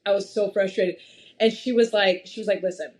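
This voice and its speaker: Woman guest, 30s, animated storyteller who laughs a lot, mid-pitched everyday voice. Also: moderate pace. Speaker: podcast guest. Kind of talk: casual conversation.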